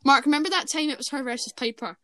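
A woman's voice: high-pitched, fast, pushed and bright. A woman co-hosting a casual podcast chat, opinionated and rambling, often correcting herself mid-sentence. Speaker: podcast co-host. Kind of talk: casual wrestling review chat.

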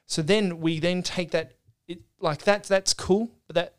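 A man co-hosting a podcast, talking through theology in an earnest, explanatory way. His voice sits a little high and comes across smooth and clear, with frequent restarts as he works out his points. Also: steady tone, unhurried. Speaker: podcast co-host. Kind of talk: casual theological discussion.

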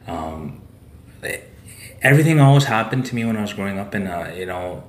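Fairly quick and lowish-voiced with lively intonation, a Saskatchewan man rambles through a casual story as a podcast guest, dropping "eh" and "like" throughout. The audio has a roomy echo.

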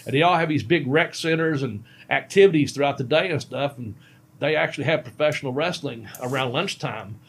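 Brief: ex-wrestler, mid-range voice, loose and folksy, telling road stories. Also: male voice, medium pitch, brisk, fairly bright tone. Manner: rambling, folksy, laughs at himself. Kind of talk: casual storytelling on a podcast.

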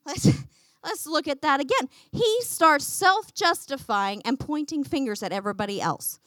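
Animated woman teaching a church lesson. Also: high voice, normal speed, dry recording. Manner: animated, acts out quotes, laughs often. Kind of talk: Bible lesson to a congregation.

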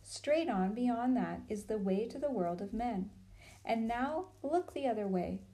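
A woman reading a storybook and voicing a cold, commanding witch queen who coaxes smoothly. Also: fairly high pitch, lively intonation, unhurried, dark tone. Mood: coaxing. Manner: smooth and persuasive.

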